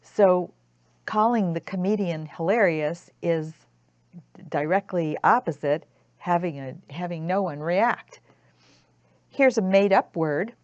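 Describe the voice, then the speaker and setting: A female tutor with a lowish voice works through a grammar lesson slowly and carefully, restarting again and again. The recording is dry, dull, and lo-fi, with no room sound.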